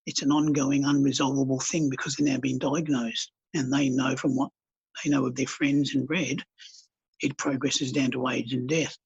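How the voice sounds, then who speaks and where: A man, a counsellor, telling stories calmly and earnestly in a podcast interview, with blunt colloquial words. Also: medium pitch, gravelly, breathy edge. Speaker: counsellor and healer guest. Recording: dull lo-fi podcast audio.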